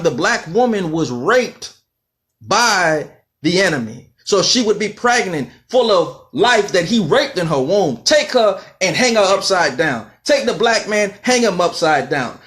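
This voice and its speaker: A man's voice: high voice, a bit bright. A man giving an impassioned lecture in a fiery, rhythmic way, repeating phrases for emphasis.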